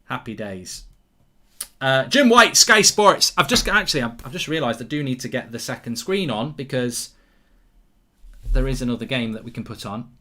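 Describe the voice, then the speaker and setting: Excitable English man hosting football watchalong. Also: medium pitch, moderate pace. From England. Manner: excitable, rambling, reads viewer comments aloud. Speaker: host. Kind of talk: live football watchalong commentary.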